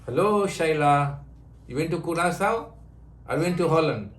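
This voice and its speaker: Brief: older male guru on a video call, slightly high voice, echoey room sound. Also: animated, moderate pace. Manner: warm joking, broken English, chants and sings. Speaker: spiritual teacher. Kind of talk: online satsang.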